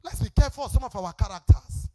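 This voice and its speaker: A woman's voice: on the high side, animated, fast, dark tone. Nigerian lady pastor, sing-song preaching, scolds hard, middle-aged. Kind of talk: sermon. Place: church service.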